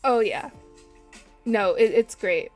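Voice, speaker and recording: A woman with a somewhat high voice talks casually to her stream viewers while drawing. She is animated and chatty and often laughs at herself. Soft lo-fi music plays faintly in the background. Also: takes it slowly. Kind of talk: casual live-stream chat.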